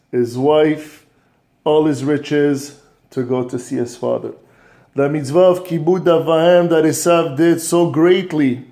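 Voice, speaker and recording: A man teaching a scripture lesson, telling a moral story in an animated way with frequent restarts. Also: a little high. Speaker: religious teacher and coach.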